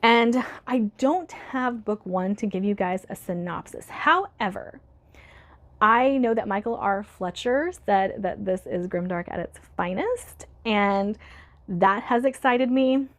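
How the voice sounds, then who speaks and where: A woman's voice: mid-range voice, animated, slow. A woman vlogging casually about books she bought, chatty and laughing often, her voice worn from being sick. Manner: chatty, laughs often, reads blurbs aloud. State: recovering from illness, voice starting to go. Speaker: book YouTuber. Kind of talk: casual book haul vlog.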